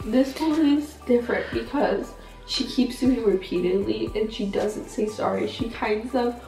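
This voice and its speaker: A shy teenage girl co-hosting a casual sit-down chat, soft-spoken and hesitant, full of fillers. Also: a little high, normal speed. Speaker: channel co-host. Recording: roomy sound, mic at a distance, faint music.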